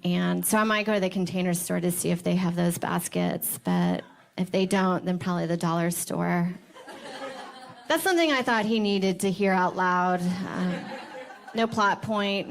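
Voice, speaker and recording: A female stand-up comedian delivering a monologue on a club stage in a dry, deadpan way. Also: on the low side, gravelly.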